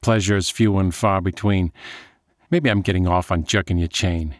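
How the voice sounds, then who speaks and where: A man's voice: low voice, steady tone, moderate pace, dry recording, clean studio sound, natural voice. A man voicing a sardonic, troubled young woman who talks bluntly, in a story reading. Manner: wry, blunt.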